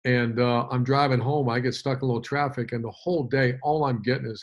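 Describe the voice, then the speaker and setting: A man's voice: mid-range voice, fairly even intonation, quick pace. A man in his fifties, a former head coach, telling a long story in an interview with many fillers and restarts.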